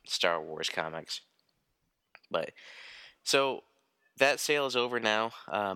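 Man, podcast co-host, relaxed chat, very deep voice, crisp bright tone. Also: no echo. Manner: relaxed, chatty. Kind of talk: casual chat.

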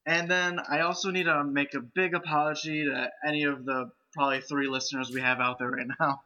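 A man's voice: on the high side, flat delivery, fairly quick, sharp tone. A man hosting a casual podcast chat, speaking hesitantly with frequent restarts. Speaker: podcast host. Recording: lo-fi home mic.

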